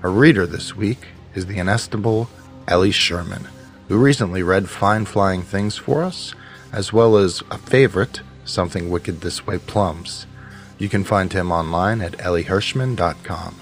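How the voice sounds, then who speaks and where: A man's voice: sits low, normal speed, soft background music. A man introducing a story podcast episode and its reader in a playful, formal way. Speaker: podcast host. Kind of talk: scripted show intro.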